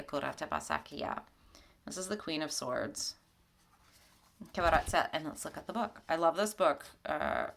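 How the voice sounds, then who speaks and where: A woman with a low voice and a gravelly creak talks through a weekly tarot reading at her home altar. She keeps it gentle and chatty, breaking into easy laughter. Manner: gentle, conversational, laughs often. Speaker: spiritual mentor.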